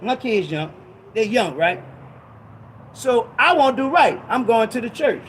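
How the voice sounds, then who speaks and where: Man, preachy impassioned talk, emphatic, repetitive, bursts of shouting, animated delivery. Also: very high-pitched, measured pace, slight background noise. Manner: conversational street slang. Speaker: ministry talk show speaker.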